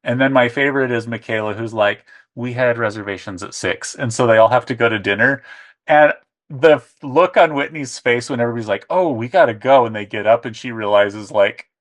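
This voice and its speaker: Animated man co-hosting a chat podcast. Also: mid-range voice, fairly quick. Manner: animated, acts out quotes in exaggerated voices. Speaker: podcast co-host. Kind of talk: casual chat.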